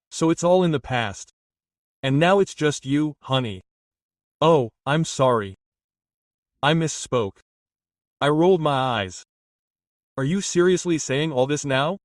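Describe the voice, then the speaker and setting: A man's voice: mid-range voice, no echo. Man reading a story, dry and slightly distant. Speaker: narrator. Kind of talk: scripted first-person story narration.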